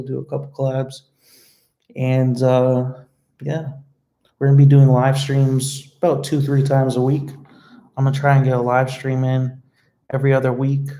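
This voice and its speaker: Flat, mellow-voiced young man on a live stream. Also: mid-range voice, rough recording. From United States. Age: young adult. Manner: emotional, earnest, rambling with fillers. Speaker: vlogger hosting a live stream. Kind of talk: casual live-stream chat reading comments.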